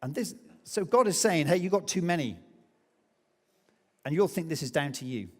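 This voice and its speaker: A man preaching a sermon as pastor, telling a story with lively acted-out quotes. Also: fairly high pitch, moderate pace. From England. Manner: animated storytelling, acts out quoted voices. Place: church hall. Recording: long hall reverb.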